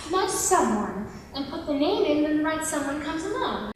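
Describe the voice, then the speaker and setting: An actress on stage playing a prim, proper young librarian who corrects grammar, recorded from far off in an echoey theater hall. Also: female voice, sits high, very animated, moderate pace, a little hiss or hum. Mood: tender. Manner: precise, corrects grammar, gentle with a child. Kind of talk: stage musical performance.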